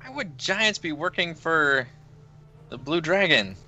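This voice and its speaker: A man playing a tabletop game, quick and joking. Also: on the high side, lively intonation, pushed and bright, soft background music. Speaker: player.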